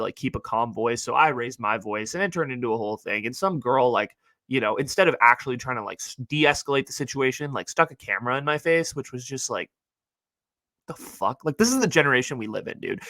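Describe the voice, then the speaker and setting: A young man hosting a podcast, telling stories about college in an animated, casual way and saying "like" a lot. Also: mid-range voice, no room sound. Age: young adult. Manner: animated storytelling, heavy use of "like". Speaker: podcast host. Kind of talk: casual monologue.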